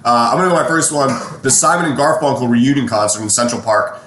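A man's voice: medium pitch, expressive, fast talker, a bit bright, echoey room, a little hiss or hum. A young man in his twenties co-hosting a casual podcast, joking and arguing his points in front of a live audience. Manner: joking, argumentative. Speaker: podcast co-host. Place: penthouse room before a live audience.

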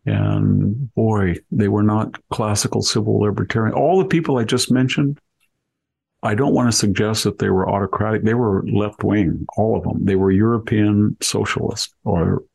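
Older man, gravelly and husky. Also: lowish voice, steady tone, moderate pace, darkish tone. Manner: wry, reminiscing, laughs while telling stories. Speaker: podcast host. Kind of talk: conversational storytelling.

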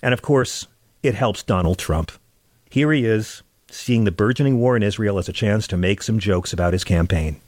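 A man's voice: on the low side, moderate pace, darkish tone, dry recording, clean studio sound. A man hosting a political talk show, delivering a scripted commentary monologue in a sarcastic, indignant and profane manner.

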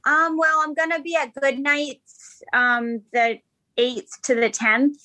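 A woman comedian chatting as an interview guest, casual, with fillers and quick asides. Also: high-pitched, fairly even intonation, bright, forceful tone, dry recording.

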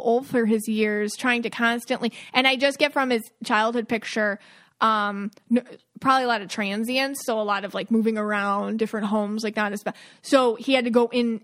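A woman's voice: on the high side, a bit bright. A woman co-hosting a podcast, talking in a musing, emotional way about her intuitive impressions. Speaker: podcast co-host. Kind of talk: casual podcast chat.

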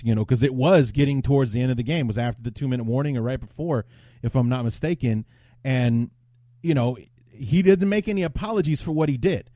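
A man's voice: mid-range voice, dark tone, no room sound, studio quality. A man hosting a podcast, thinking aloud and giving blunt, opinionated takes. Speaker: podcast host. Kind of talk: casual podcast chat.

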